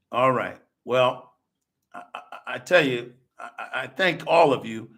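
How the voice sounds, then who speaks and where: A man's voice: mid-range voice, unhurried, vocal fry, bright, forceful tone. A man hosting a podcast, lecturing and arguing in answer to viewer comments, with rhetorical questions, restarts and frequent "okay?". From United States. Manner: lecturing, rhetorical, repeats himself and says okay often. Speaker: podcast host.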